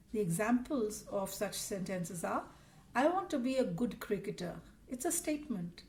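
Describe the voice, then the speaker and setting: A woman with a slightly high voice explains grammar in a recorded lesson. She talks patiently and reads out example sentences one after another. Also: darkish tone. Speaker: teacher.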